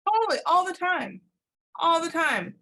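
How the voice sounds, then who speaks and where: Bright lively woman podcast host. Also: very high voice, moderate pace. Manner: lively, laughs often, many "like" fillers. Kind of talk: casual chat.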